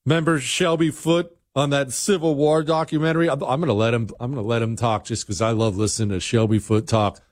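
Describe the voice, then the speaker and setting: A man's voice: mid-range voice, steady tone, fairly quick, hardly any pauses, dry recording. A male talk radio host with a blunt, emphatic delivery. He talks conversationally, leaning hard on his points. His voice is close and dry, with no room sound.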